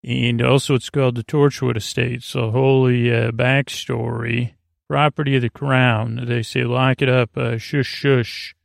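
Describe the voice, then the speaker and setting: A man hosting a podcast, recapping a TV episode in a halting, rambling way with many fillers and restarts. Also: medium pitch, level tone, creaky, dry recording, clean studio sound. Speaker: podcast host.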